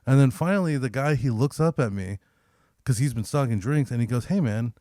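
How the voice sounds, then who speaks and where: A man's voice: mid-range voice, brisk, dry recording. A young man's mid-range voice spins a casual, profane story and slips into voices for the people in it. The sound is dry and close, with no room around it. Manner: profane, animated storyteller who acts out quotes. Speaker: podcast co-host.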